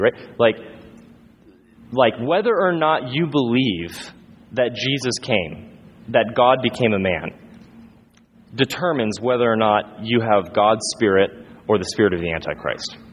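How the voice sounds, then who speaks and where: A man preaching a sermon in an earnest way, repeating phrases for emphasis and often restarting his sentences. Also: medium pitch. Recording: long hall reverb, faint room noise.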